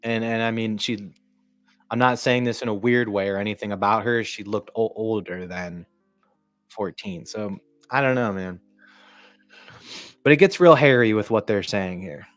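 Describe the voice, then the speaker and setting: A fairly low-voiced man hosts a sports live stream, rambling casually and swearing freely. He clears his throat often between thoughts. His voice sounds dry and close, with faint music playing underneath. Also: moderate pace, pauses often, fairly bright tone, no room sound. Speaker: livestream sports commentator.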